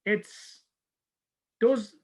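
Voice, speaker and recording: A man's voice: very slow, poor audio. A man who coaches university soccer, talking in a casual video-call interview and telling stories animatedly, acting out the people he quotes. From Canada. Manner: animated storyteller, acts out quoted dialogue.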